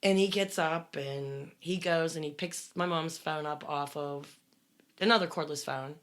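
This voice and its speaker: Low-voiced woman, vivid profane storyteller. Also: a little slow. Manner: vivid, swearing, dramatic retelling with sudden loud bursts. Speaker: guest telling her story. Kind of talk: casual podcast storytelling.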